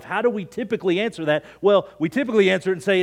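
Animated middle-aged man preaching a sermon. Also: sits high, very fast, hardly any pauses. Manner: animated storytelling, dropping to hushed near-whispers for emphasis. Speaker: pastor.

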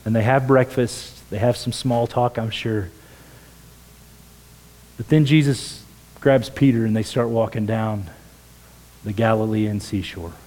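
A man preaching a sermon as pastor in a church, earnest, dropping to a hush for quoted words. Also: on the low side, fairly even intonation, a little slow, pauses often, rough recording. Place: church sanctuary.

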